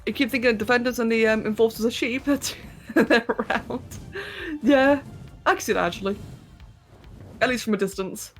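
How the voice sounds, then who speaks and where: A woman's voice: a little high, fairly quick, pauses often, soft background music. A woman streaming a game live, chatting casually, thinking aloud and answering her chat as she plays.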